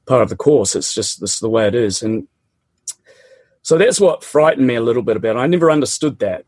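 Middle-aged Kiwi man, husky, dry close sound, lively colloquial storyteller. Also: mid-range voice, fairly quick, dry recording. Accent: New Zealand. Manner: animated, laughs often, colloquial. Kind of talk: casual personal storytelling.

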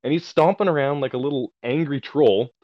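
The podcast guest, joining by remote call, relaxes into a long story full of swearing and self-amusement. He speaks at a medium pitch and a fairly quick pace, on a muffled recording without echo.

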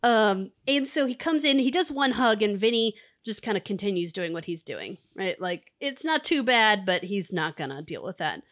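A woman in her thirties co-hosting a podcast, telling a lively story in casual chat and acting out what people said. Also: mid-range voice, moderate pace, few pauses, no room sound, clean studio sound. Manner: animated storyteller, acts out quotes. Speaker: podcast co-host.

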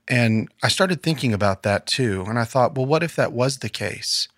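An earnest man co-hosts a faith podcast in a studio, speaking in a preacherly way. His voice sits at an ordinary pitch. The sound is close and dry. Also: animated, moderate pace, fairly bright tone, dry recording. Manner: earnest, preacherly, quotes scripture. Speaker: podcast co-host. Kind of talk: casual faith discussion.

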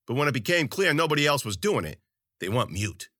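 A man's voice: medium pitch, very animated, brisk, sharp tone, no echo, studio quality. A man narrating a story in first person, with wry, colloquial and profane delivery. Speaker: audiobook narrator.

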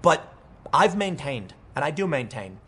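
Husky-voiced man ranting about politics. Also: fairly high pitch, measured pace. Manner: animated, rambling, many restarts. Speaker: political commentator. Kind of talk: unscripted commentary monologue.

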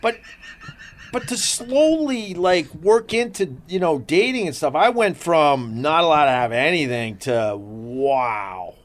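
A middle-aged man, co-hosting a podcast, telling family stories in casual chat with plenty of swearing and sudden loud laughs. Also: a little high, lively intonation, takes it slowly. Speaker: podcast co-host.

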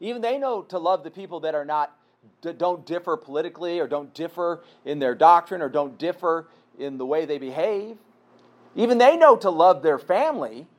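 A man's voice: a little high, lively intonation, moderate pace, highs cut off. A man giving a sermon in an earnest, conversational way, asking his listeners rhetorical questions. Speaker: pastor.

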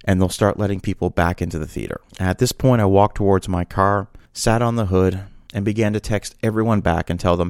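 A man hosting a podcast, telling a story as an animated, emphatic rant. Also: low voice, a little fast, few pauses, clean tone, no echo, clean studio sound. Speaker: podcast host.

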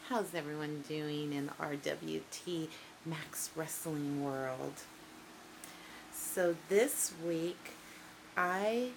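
A woman's voice: lowish voice, a little hiss or hum, rough recording. A woman hosting a wrestling show who cuts a brash, profane, mock-menacing promo to her audience.

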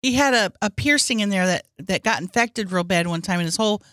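A woman's voice: medium pitch, animated, fairly quick, fairly bright tone, dry recording, lightly acted. A woman playing an earnest, pushy client trying to reach her late father in an improvised comedy sketch, dry close recording.

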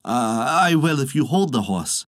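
A man's voice: medium pitch, very animated, measured pace, a bit bright, no room sound, clean studio sound. Man doing a blunt gullible farmer. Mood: curious. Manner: blunt, questioning. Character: angry, gullible middle-aged farmer.

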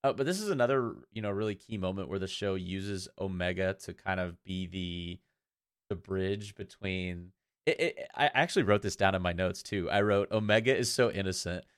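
A man with a fairly low voice co-hosts a casual fan podcast, rambling through his thoughts with animated asides. He laughs often as he talks. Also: moderate pace, clean tone. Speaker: podcast co-host.

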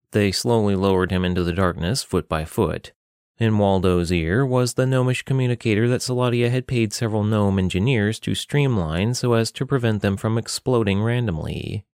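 Give me a man with a low voice reading a fantasy story in a steady, measured way. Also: no room sound, studio quality. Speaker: narrator. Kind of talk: fantasy audiobook narration.

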